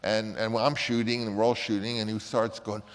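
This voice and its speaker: A man's voice: fairly low pitch, flat delivery, moderate pace, big-room sound, a little hiss or hum. Older man rambling through anecdotes. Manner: rambling, with many restarts and acted quotes. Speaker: film director telling stories. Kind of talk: casual anecdote.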